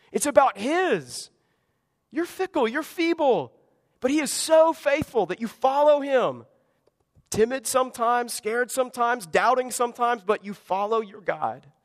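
A man's voice: very high-pitched, long reverb tail. A man preaching a sermon to his congregation, earnest and conversational, full of rhetorical questions. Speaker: pastor. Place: church service in a school gymnasium.

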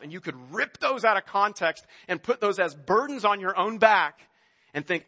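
A man's voice: high-pitched, normal speed, pushed and bright. A man preaching a sermon in a conversational way, rising to emphatic passages. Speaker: pastor. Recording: long hall reverb.

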